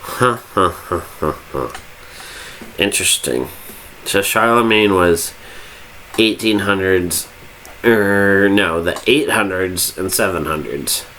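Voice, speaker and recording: A man's voice: low-pitched, sharp tone, slight background noise. Tipsy man rambling through reviews. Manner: rambling, swears freely, loses his train of thought. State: drunk. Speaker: fanfiction review host. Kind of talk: casual rambling review monologue.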